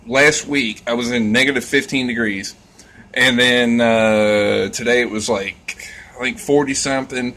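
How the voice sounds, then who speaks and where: A man's voice: medium pitch, bright, forceful tone. A man ranting in a casual vlog, rambling and scornful, swearing constantly. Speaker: vlogger.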